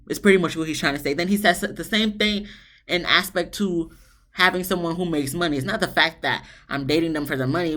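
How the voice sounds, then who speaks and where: Blunt, sassy woman reviewing a show. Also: low-pitched. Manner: blunt, animated, sassy with swearing and asides. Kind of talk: casual review monologue.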